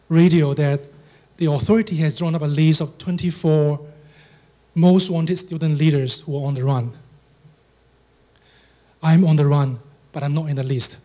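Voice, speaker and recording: Slow, mellow man with a Chinese accent. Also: fairly high pitch. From China. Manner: dry, understated humor with measured pauses. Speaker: storyteller. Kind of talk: live stage storytelling.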